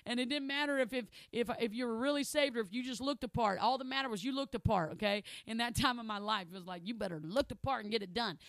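A woman's voice: a little high, fast talker, creaky, few pauses, dry recording. A woman preaching a sermon in a conversational, emphatic way, often checking in with her listeners.

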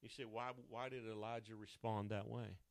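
A man preaching a sermon, swinging between loud emphatic lines and hushed asides. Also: lowish voice, flat delivery, moderate pace, gravelly, no room sound.

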